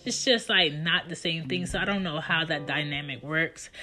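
Low-voiced chatty woman over guitar music. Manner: animated, chatty, acts out her kids' lines. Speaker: mother telling family stories. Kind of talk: casual storytelling. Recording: guitar music playing behind the voice.

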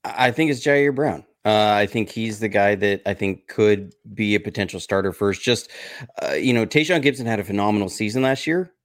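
Panelist, man, low voice, measured, many fillers, dry sound. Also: no echo. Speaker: podcast panelist. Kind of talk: casual panel chat.

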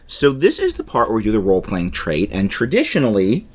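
Low-voiced, animated male podcast co-host. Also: fairly quick. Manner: enthusiastic, playful, rambling explanations. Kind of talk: casual chat about a tabletop game.

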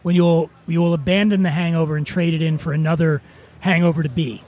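A man with a high voice hosts casual on-site interviews at an outdoor festival. He teases and jokes as he holds a handheld mic. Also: fairly even intonation, a little fast, darkish tone. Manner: teasing, jokey. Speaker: podcast host.

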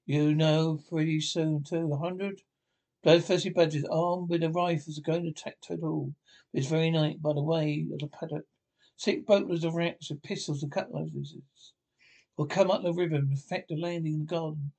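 A man reads a small, earnest mole from a storybook. He tells his tale in a halting way, stumbling and restarting, in a slightly raised voice. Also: a little high, fairly even intonation, creaky, darkish tone, low-quality recording. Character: timid, earnest male mole telling a tale.

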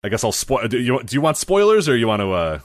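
A man's voice: medium pitch, big pitch swings, fast, no echo, studio quality. A man co-hosting a podcast in casual chat, rambling and restarting his sentences, laughing partway through them. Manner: rambling, self-interrupting, laughs mid-sentence. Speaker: podcast co-host. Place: American.

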